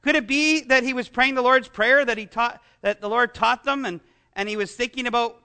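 A man's voice: very high voice, steady tone, a little fast, pushed and bright, smooth. A man preaching a sermon as pastor, asking the congregation rhetorical questions and making self-deprecating asides.

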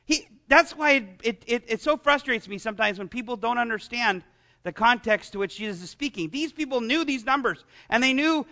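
A man's voice: extremely high pitch, lively intonation, brisk, bright, forceful tone. A man preaching a sermon as pastor, asking the congregation rhetorical questions and making self-deprecating asides.

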